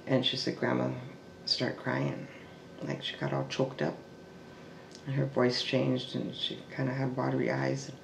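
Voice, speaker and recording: Gravelly man telling family history. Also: mid-range voice, completely flat delivery. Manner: halting, with restarts and trailing fillers. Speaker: family storyteller. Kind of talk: oral history storytelling. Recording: echoey room with faint background noise.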